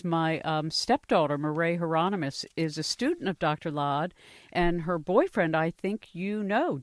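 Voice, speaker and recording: A woman's voice: deep voice, no room sound, studio quality. A woman hosting a radio interview and talking with her guest, laughing easily. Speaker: radio host.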